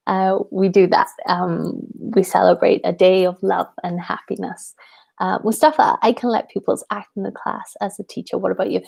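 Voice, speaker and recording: A young Welsh woman who teaches English and hosts the channel chats casually with viewers in a live Q&A. Her medium-pitched voice is creaky and a little mellow, and she says um often and laughs lightly.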